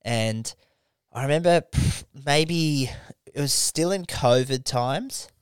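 A young man chatting on a comedy podcast, cracking himself up as he tells crude stories. His voice sits at a middling pitch. The sound is dry and close, with no room around it. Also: slow pace, smooth, no echo. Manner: crude, laughing storyteller, mimics voices. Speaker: podcast host. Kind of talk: casual comedy podcast chat.

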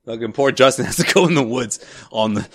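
A man's voice: medium pitch, animated, brisk, breathy edge, dry recording, clean studio sound. A young adult man co-hosting a podcast, chiming in casually and speaking to listeners. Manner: chiming in, laughing, addresses listeners. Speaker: podcast co-host. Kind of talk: casual chat.

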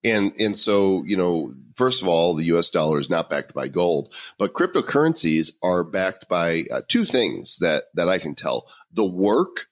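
Homme à la voix très grave, ton enjoué. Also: male voice, low-pitched, big pitch swings, measured pace, hardly any pauses, no echo. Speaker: podcast co-host. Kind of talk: casual podcast chat.

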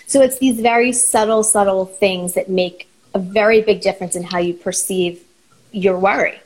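A woman's voice: medium pitch, steady tone, normal speed, darkish tone, low-quality recording. A woman talking as a therapist in a casual podcast chat, acting out inner thoughts as she explains. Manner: explains with acted-out inner voices, lots of fillers.

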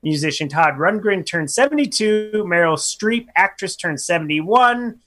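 A man co-hosting a casual radio show, quick and playful as he runs through a segment. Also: sits high, expressive, sharp tone. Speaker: radio co-host.

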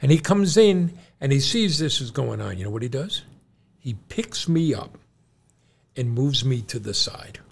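John's father, a middle-aged man co-hosting a podcast, unhurriedly tells his son a long family story in a gravelly mid-range voice with a breathy edge. He brings the characters to life, acting out the doctors he quotes.

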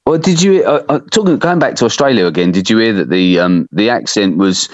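English man with a low voice on a phone line. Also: animated, fairly quick, dry recording. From England. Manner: dry, self-mocking humor. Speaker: guest, dairy farm worker. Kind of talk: casual chat over a phone call. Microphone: phone call. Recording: muffled phone-line audio.

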